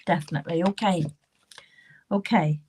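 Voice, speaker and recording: A woman's voice: fairly low pitch, fairly even intonation, moderate pace, slightly rough. A woman medium with a British accent, giving live card readings in a reassuring, repetitive way, often repeating the client's name. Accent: British English. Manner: warm, reassuring, repeats names and phrases while drawing cards.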